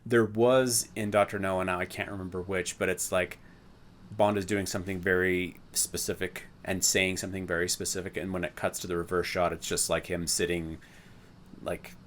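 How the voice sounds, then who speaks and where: A man with a low voice, talking through a film in loose, rambling podcast chat. He interrupts himself often, restarts his thoughts, and gets into nerdy detail. A faint hiss sits under the recording. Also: flat delivery, normal speed. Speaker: podcast co-host. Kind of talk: casual chat, film review.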